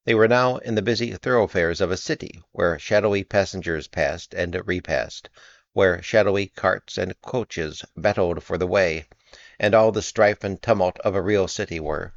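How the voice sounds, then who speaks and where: A man narrating an audiobook with measured, expressive storytelling. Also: deep voice, creaky, dry recording, muffled recording. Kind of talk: audiobook reading.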